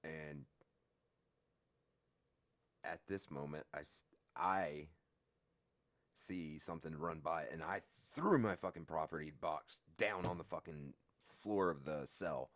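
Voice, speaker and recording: A man telling a story from his own life in a casual, profane, lively way. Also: rumbling low, takes it slowly, pauses often.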